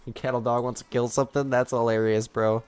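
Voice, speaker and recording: A man's voice: medium pitch, flat delivery, fairly quick, smooth. A man streaming a hunting game live, chatting casually and scolding his dog between shots.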